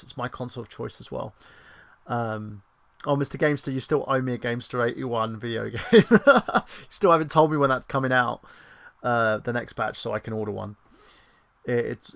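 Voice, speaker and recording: Male stream host, chatty and joking, mid-pitched, slightly gravelly. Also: a bit bright. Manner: chatty and crude, joking, restarts and trailing asides. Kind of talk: casual rambling chat.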